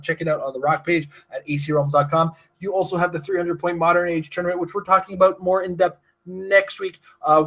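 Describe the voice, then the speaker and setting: A man's voice: fairly high pitch, a bit bright. A young man hosting a casual game podcast, rambling through sponsor plugs with lots of fillers. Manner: rambling, restarts with frequent fillers. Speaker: podcast host. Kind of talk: casual podcast chat reading sponsor spots.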